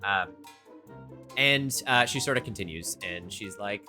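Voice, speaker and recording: A woman's voice: very deep voice, lively intonation, unhurried, pauses often, bright, forceful tone, faint music behind. A woman narrating a tabletop game as game master, casual and loose with lots of fillers. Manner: casual, many fillers, laughs often.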